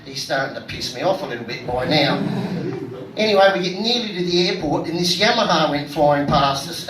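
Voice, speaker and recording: An Australian man doing a stand-up comedy set, delivering crude punchlines deadpan. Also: on the high side, a little fast, a little hiss or hum. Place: comedy venue stage. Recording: echoey room from far off with loud ambience.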